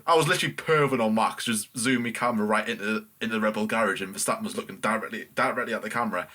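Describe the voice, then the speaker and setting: Podcast host, rapid and stumbling, laughs a lot, bright voice. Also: male voice, lowish voice. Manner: quick, stammering, laughs a lot. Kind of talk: casual chat.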